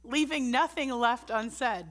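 At a church service, a middle-aged woman preaches a sermon in a somewhat high, fairly bright voice. Her delivery is earnest, conversational, and unhurried, and she keeps asking the congregation direct questions.

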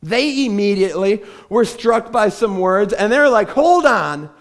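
A man's voice: high voice, normal speed. A man preaching a sermon from a church stage, telling the story with animation and acting out the voices of the people in it. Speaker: pastor.

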